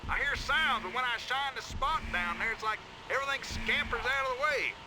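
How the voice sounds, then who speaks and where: A rattled male prison guard yells into his radio in a video game, his voice pitched very high and swinging up and down. He sounds frantic and quick to curse. Loud noise hisses under the game audio. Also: expressive. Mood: alarmed. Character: panicked male prison guard, jumpy and cursing.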